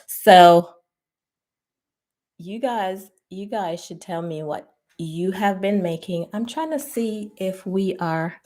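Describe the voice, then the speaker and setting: A woman hosts a casual live-stream chat at a slow, easy pace, in a middle-pitched voice. She laughs often, greets her viewers by name, and sometimes drops to a near whisper for an aside. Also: a little mellow. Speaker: host of a live relationship podcast.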